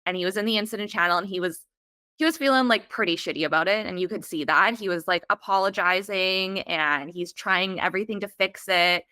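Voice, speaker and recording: Woman host, bright and forceful tone, casual and chatty, dry close mic. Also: mid-range voice, brisk, dry recording. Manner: conversational, laughs easily. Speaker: interviewer. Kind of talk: casual interview chat.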